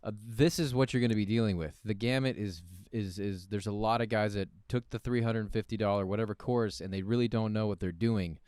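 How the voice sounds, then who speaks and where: A man in a casual podcast chat, chiming in with quick, emphatic interjections. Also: on the low side, darkish tone, clean tone, no echo, studio quality.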